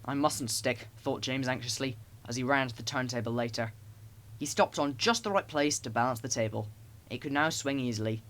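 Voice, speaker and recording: A man narrating children's stories as an audiobook, in an expressive storytelling way. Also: medium pitch, a little fast.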